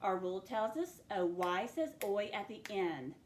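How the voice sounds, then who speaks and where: A woman's voice: mid-range voice, lively intonation, a little hiss or hum. A woman teaching a phonics spelling lesson, stretching out each sound of a word as she dictates it. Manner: slow, stretched sounding-out of words. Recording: echoey room with faint ambience.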